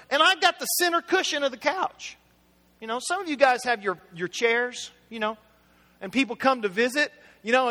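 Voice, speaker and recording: A man's voice: extremely high pitch, bright, forceful tone. A middle-aged man preaching a conversational sermon, chatty and anecdotal, talking straight to his congregation. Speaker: pastor. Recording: hall reverb.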